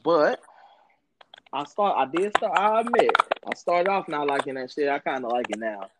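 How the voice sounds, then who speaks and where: A woman's voice: deep voice, expressive, normal speed, very noisy. A woman in casual conversation, talking animatedly, swearing freely and laughing often. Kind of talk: casual chat.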